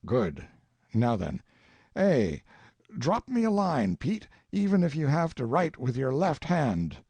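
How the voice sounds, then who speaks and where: A grandiose old colonel full of schemes and florid pleading, his husky voice swooping up and down, as a narrator puts him on. He speaks in a close, dry sound. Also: medium pitch, big pitch swings, slow pace, mellow, no room sound, voice pushed up, full character voice. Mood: plotting. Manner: flowery, pleading, theatrical.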